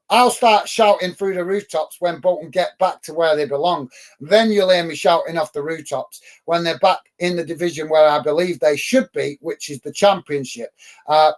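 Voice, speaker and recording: A middle-aged Englishman with a fairly high voice hosts a live football watch-along show. He chats casually with his viewers, gets worked up and emphatic about rival fans, and fills his talk with ums and uhs. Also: darkish tone. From England. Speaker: football channel host.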